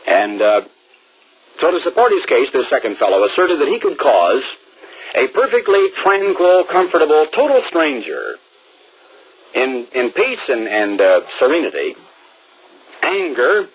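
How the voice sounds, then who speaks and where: A man's voice: a little high, big pitch swings, measured pace, pauses often, slightly rough, dull audio. A man preaching a radio sermon, emphatic and drawing out key words for stress.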